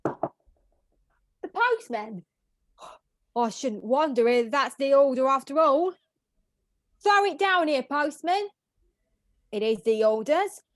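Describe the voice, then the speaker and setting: A woman's voice: high-pitched, animated, slow, long pauses, no echo, clean studio sound. A woman reading the part of a bossy mistress of the house, scolding her maid in an old comic play. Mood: imperious. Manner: imperious, scolding. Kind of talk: script read-through.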